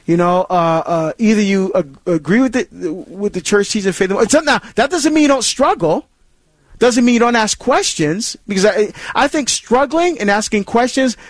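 A man's voice: sits high, dry recording. A man hosting a Catholic call-in radio show, talking earnestly about faith with many restarts and repetitions. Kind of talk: call-in radio talk on scripture.

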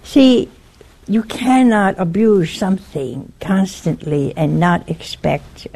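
A woman's voice: lowish voice, animated, slow pace, creaky, dark tone. A woman on a broadcast network giving an informal religious talk. She issues an earnest warning and retells a story step by step.

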